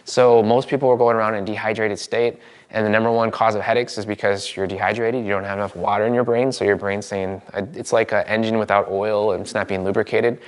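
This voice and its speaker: A man teaching a live seminar as a trainer, energetic and demonstrative, speaking to a room of people with quick asides. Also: fairly low pitch. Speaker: NLP trainer.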